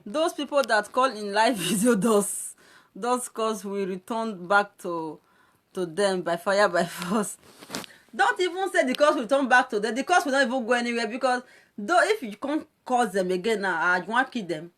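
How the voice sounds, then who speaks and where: Nigerian lady going off on a live stream, mocky and scolding, laughs a lot, kinda high voice, phone mic. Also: normal speed, a bit bright. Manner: mocking, scolding, laughs often between lines. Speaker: social media presenter. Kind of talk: live video rant.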